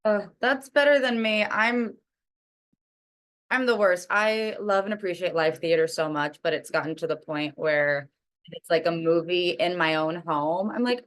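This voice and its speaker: A woman's voice: fairly low pitch, unhurried, fairly bright tone. A woman panelist in casual chat, talking in a chatty, self-mocking way.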